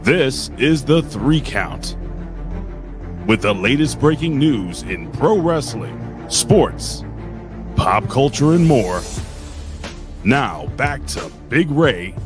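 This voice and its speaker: Slow male promo announcer over music. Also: medium pitch, animated. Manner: slow, emphatic delivery. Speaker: segment announcer.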